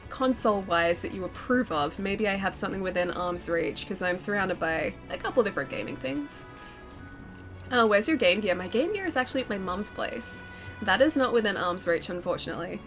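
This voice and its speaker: A woman's voice: medium pitch, a bit bright. A woman with a cold and a nasal voice, chatting casually with viewers on a live stream, giggly and self-deprecating, on a close mic with a pop filter in a home gaming room. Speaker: game streamer. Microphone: close studio mic with pop filter.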